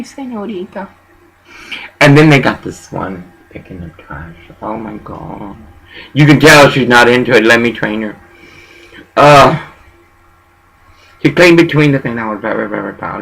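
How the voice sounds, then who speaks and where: A man's voice: lowish voice, normal speed, gravelly, a bit bright, poor audio. A man telling a rambling, profane story in a casual monologue and dropping in bits of Spanish.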